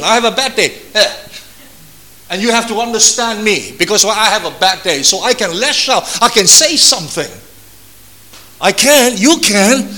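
Bright-voiced earnest older pastor preaching. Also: male voice, high voice. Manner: earnest, repetitive emphatic phrasing, addresses listeners as folks. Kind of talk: sermon.

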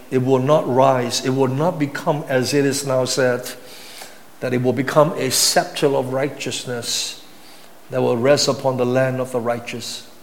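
Emphatic preacher man in a reverberant hall. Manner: emphatic preaching, rising to high-pitched intensity, with repetition. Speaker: pastor. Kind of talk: sermon.

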